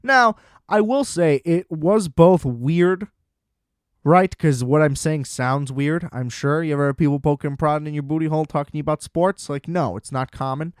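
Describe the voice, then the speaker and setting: A young man hosting a podcast, telling a comedic story in an animated, self-deprecating way and acting out the quotes. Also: a little high, moderate pace, smooth, dry recording, clean studio sound. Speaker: podcast host.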